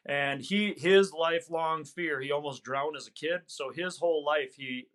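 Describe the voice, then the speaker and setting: Bright-voiced man telling a story earnestly. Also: a little high, normal speed. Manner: earnest, reflective, restarts and fillers. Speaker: hunting guide, podcast guest. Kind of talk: conversational storytelling.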